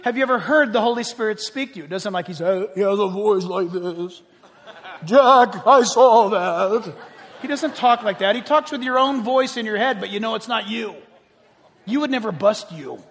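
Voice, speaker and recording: A man preaching a sermon in an animated, joking style, full of rhetorical questions to the congregation. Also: high voice, fairly quick, big-room sound, a faint crowd.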